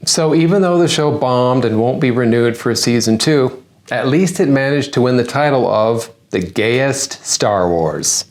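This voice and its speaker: A man's voice: medium pitch, expressive, a little slow. Guy doing sarcastic comedy news, punchline after punchline, regular mid voice. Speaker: comedian hosting a news-parody segment. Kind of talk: satirical news monologue.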